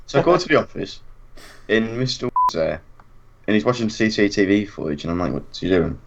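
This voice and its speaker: A young man telling an animated anecdote in casual chat, acting out what people said and laughing often. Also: lowish voice, a little fast, background noise. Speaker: storyteller. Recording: dull lo-fi recording.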